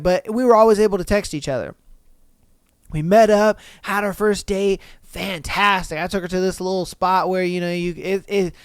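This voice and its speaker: A young man hosts a podcast in a slangy, profane, animated style. His voice is smooth and clear, and it sounds dry and close to the mic. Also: high-pitched, dry recording. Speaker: podcast host. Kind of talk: casual solo podcast commentary.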